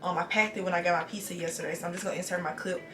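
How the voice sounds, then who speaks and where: A young woman in her twenties talking fast and casually while getting ready in her bathroom, recorded on a camera mic. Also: fairly low pitch, steady tone, pushed and bright, soft background music. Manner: talks fast without pauses, breathy between sentences. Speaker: nurse vlogger. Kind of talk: casual get-ready-with-me vlog. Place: home bathroom.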